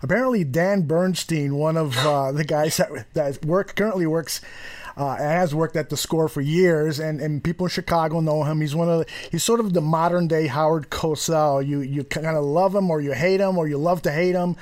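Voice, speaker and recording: Higher-voiced man hosting a podcast. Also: normal speed. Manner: relaxed, introducing clips and laughing often. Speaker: podcast host. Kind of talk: casual podcast conversation.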